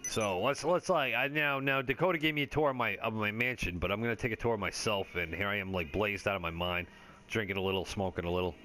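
A gaming video creator delivers laid-back, rambling stoner commentary over his play, joking, swearing freely and leaning on fillers. His lowish voice comes out fast, bright and forceful.

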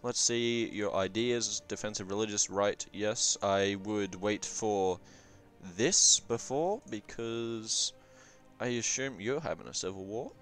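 A man's voice: fairly low pitch, slow pace, faint music behind. A young man giving casual, rambling game review commentary, swearing often and offhand. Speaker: gaming commentator.

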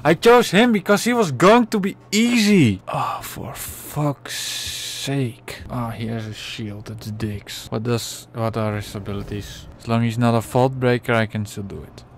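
A man's voice: mid-range voice, fairly even intonation, normal speed, hardly any pauses, a little hiss or hum. A man commentating his own gameplay, exasperated and swearing constantly while muttering to himself. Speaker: let's play gamer.

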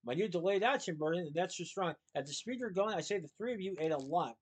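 Dude reading it doing a cheeky clever young candy maker, playful and sure of himself. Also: male voice, high-pitched, lively intonation, fast talker, voice pushed up. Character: clever, cheerful young male chocolatier.

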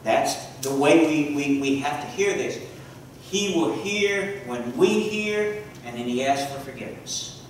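A man preaching a sermon to a congregation, often pausing to ask the listeners questions and repeating key words. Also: on the high side, expressive, a little hiss or hum. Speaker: preacher and teacher. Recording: echoey hall from far off.

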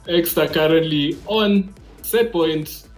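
A man giving casual commentary on a fighting game match, excitable and disbelieving. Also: fairly high pitch, slow, faint music behind. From Africa. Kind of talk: esports commentary.

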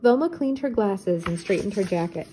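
An older woman reading a children's storybook aloud, steady and clear. Her voice is mellow and soft-edged, at an ordinary pitch for a woman. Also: moderate pace, a little hiss or hum.

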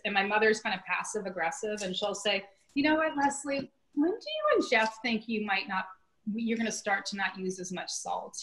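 A woman's voice: mid-range voice, a bit bright, poor audio. A woman in her fifties, a chef teaching a cooking class from her home kitchen over a video call, chatty and self-deprecating with frequent laughs. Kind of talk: casual live cooking demonstration.

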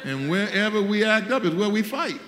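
A man, a bishop, preaching a sermon as an animated storyteller, with folksy asides and frequent restarts. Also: high voice, moderate pace, in a large hall, noisy background.

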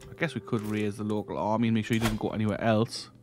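A man's voice: fairly low pitch, little pitch movement, quick pace, slight background noise. A man hosting a let's-play, casually thinking aloud as he plays a strategy game, often trailing off and restarting. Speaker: gaming channel host.

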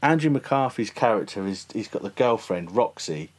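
A man hosts a relaxed podcast about films. His voice sits fairly low. He talks in a loose, joking way and laughs often. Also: moderate pace. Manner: chatty, self-deprecating, laughs often. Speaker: podcast host. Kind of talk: casual podcast chat.

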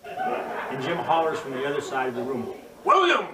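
Older man telling lively stories, roomy. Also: medium pitch, normal speed, heavy background noise. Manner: animated anecdotes, acting out quoted voices. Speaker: judo instructor. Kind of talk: storytelling interview. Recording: roomy, distant mic, crowd murmur.

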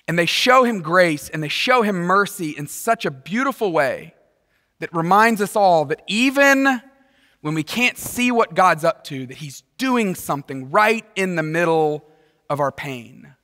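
A man preaching a sermon as pastor, animated and playful, acting out the people in the story. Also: high voice, in a large hall. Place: large church auditorium.

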